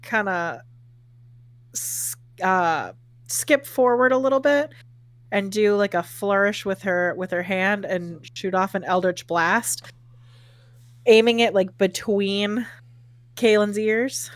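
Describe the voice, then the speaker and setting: A woman's voice: mid-range voice, takes it slowly, pauses often, dry recording. A woman playing a tabletop game, talking hesitantly with many fillers. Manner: hesitant, lots of ums and likes. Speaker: player. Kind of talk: casual tabletop play.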